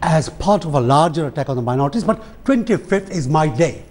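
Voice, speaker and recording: A man's voice: a little high, expressive, brisk, a little mellow. A man, a debate guest speaking in an impassioned, aggrieved way. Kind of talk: political debate.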